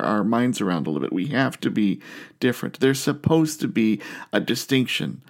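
A middle-aged man preaching a sermon as pastor, earnest and conversational, with asides and questions to the congregation. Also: medium pitch.

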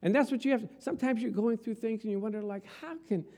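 A pastor delivers a relaxed, conversational sermon, talking to his congregation the way he would to friends. His voice sits a little on the high side for a man, and he keeps asking his listeners rhetorical questions as he goes. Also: fast.

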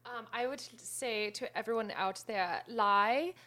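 A woman co-hosting a podcast in casual comedic chat, deadpan and absurd, full of "like.". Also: on the high side, moderate pace. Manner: deadpan, absurd jokes, lots of "like". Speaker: podcast co-host.

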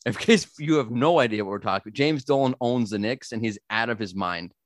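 A man's voice: medium pitch, a little fast, no echo. A man from Brooklyn hosting a podcast, chatting casually with jokes about himself and rambling restarts. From Brooklyn, USA. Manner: joking, self-mocking, rambling with restarts. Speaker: podcast host.

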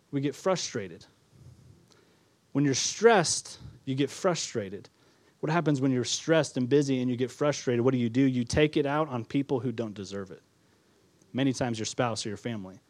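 A man's voice: on the high side, darkish tone, dry recording, studio quality. A male pastor preaching a sermon in a conversational way, acting out quotes with a chuckle now and then.

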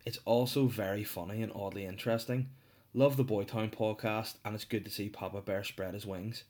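Guy doing his podcast solo, lowish voice, rambly and jokey, trips over his words. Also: fairly even intonation, brisk, darkish tone. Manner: rambling, jokey, self-mocking, many restarts. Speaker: podcast host. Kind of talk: casual solo podcast chat.

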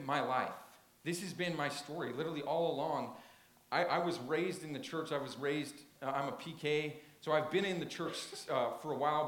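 A man's voice: a little high, fairly bright tone. A man preaching a sermon in a church, retelling a story with earnest emphasis and frequent restarts. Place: church sanctuary. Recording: roomy echo.

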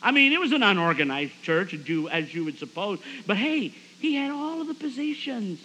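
A man's voice: high-pitched, fairly quick, breathy edge, rough recording. A man preaching a storytelling sermon at a camp meeting, acting out the people he quotes. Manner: animated, acts out quoted voices.

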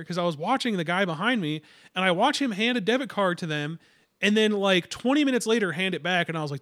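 A young man in casual chat, telling long rambling anecdotes at a rapid clip. His voice is notably high for a man. The recording is dry and close. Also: expressive, a bit bright, dry recording. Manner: rambling anecdotes full of fillers and restarts.

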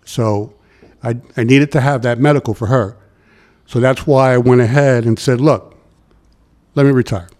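Animated New man telling stories. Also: medium pitch, moderate pace. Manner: animated storyteller who acts out quotes. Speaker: interview guest, retired transit worker. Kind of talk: casual storytelling interview.

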